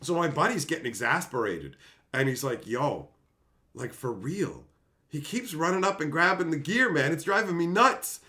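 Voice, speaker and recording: A man hosting his own channel, telling a casual, animated gaming story that swears now and then and acts out quotes. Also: a little high, normal speed. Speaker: channel host.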